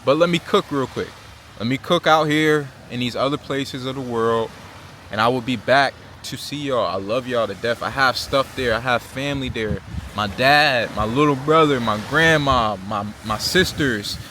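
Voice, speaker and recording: Bright and forceful, this young American-accented man's mid-range voice moves at a moderate pace amid slight background noise. He's a travel vlogger from Virginia Beach, Virginia, USA, talking earnestly to the camera in slang and frequently tacking on "right?" and "you know?".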